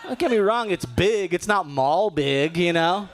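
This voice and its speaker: Animated male stand-up comic. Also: high voice, unhurried, a little hiss or hum. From Los Angeles. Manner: animated, loud comic impressions of relatives. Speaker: stand-up comedian. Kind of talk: stand-up set at a benefit show.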